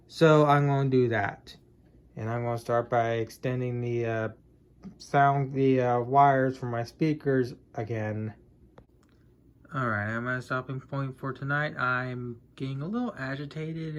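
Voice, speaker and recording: A man casually narrating a home tech vlog, rambling with many fillers and trailing asides. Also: medium pitch. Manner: rambling, says "and whatnot" a lot, trails off with uh. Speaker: tech vlogger. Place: home garage computer setup.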